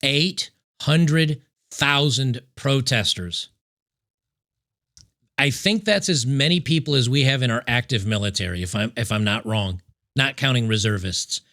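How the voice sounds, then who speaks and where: Gravelly, bright-voiced male commentator. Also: medium pitch, expressive. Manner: sarcastic, emphatic, repeats key points slowly. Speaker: political commentary host. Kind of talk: opinionated commentary over news clips.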